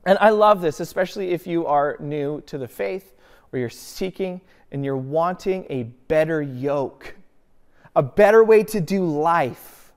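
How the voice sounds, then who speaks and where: A man's voice: fairly high pitch, animated, unhurried, darkish tone, clean tone. A man preaching a sermon as a pastor, earnest, often asking himself a rhetorical question and answering it.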